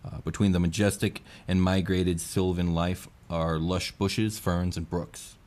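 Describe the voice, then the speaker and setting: Deep-voiced man running a tabletop game. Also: steady tone, measured pace, a little mellow. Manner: laid-back, laughs easily, uses fillers. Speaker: game master.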